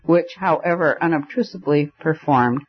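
A man reading as a playful, joking young gentleman. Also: fairly high pitch, normal speed, slightly rough. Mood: jesting. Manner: playful, whimsical, bantering. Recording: dull lo-fi recording.

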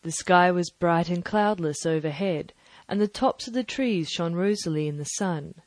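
A woman's voice: on the low side, dry recording. Woman narrating an audiobook, dry sound. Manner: measured, even storytelling. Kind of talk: scripted narration.

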